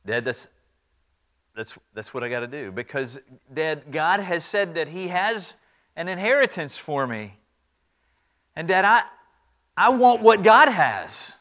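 A man voicing the young Abraham, speaking quietly and earnestly with halting restarts. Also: on the high side, big pitch swings, exaggerated voice.

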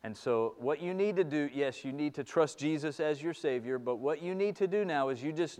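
Impassioned preacher, hushed to loud. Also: male voice, a little high, expressive, normal speed, hardly any pauses. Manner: repeats phrases for emphasis. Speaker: pastor. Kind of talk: sermon.

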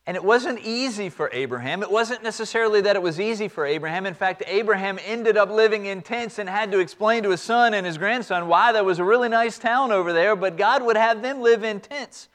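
A man's voice: high-pitched, brisk, hardly any pauses, a bit bright. A man preaching a sermon, retelling a story conversationally with repeated words and shifting tempo.

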